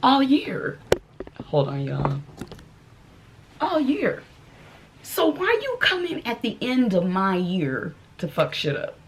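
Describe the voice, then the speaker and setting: A Texan woman in her forties tells a story in a casual vlog from her apartment, laughing and shrieking as she acts it out. Her voice is medium-pitched and slow, with frequent pauses and a faint hiss or hum behind it.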